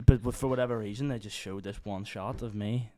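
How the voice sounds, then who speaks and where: A young man with a Northern Irish accent chats as a podcast guest, rambling through stories packed with fillers and acting out the voices of people he met. His voice sits fairly low. The sound is dry and close, with no room around it. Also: steady tone, fairly quick, mellow, no echo. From Northern Ireland. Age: young adult. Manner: rambling storyteller, lots of "like" fillers, acts out quotes. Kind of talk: casual chat.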